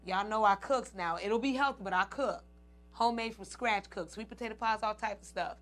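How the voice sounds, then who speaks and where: A woman's voice: medium pitch, a little fast, fairly bright tone. Chatty woman host talking to her viewers. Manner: chatty, laughing, addresses "y'all" and "ladies". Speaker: show host. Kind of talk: casual chat to viewers.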